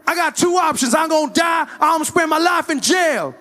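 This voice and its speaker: A man playing a scared, defiant suspect barricaded from police, shouting his innocence. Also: extremely high pitch, lively intonation, a little fast, voice pushed up, heavily acted.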